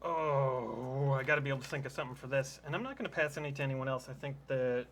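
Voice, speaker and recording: A man in a casual party game chat, playful and quick to laugh. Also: medium pitch, a bit bright, slight background noise.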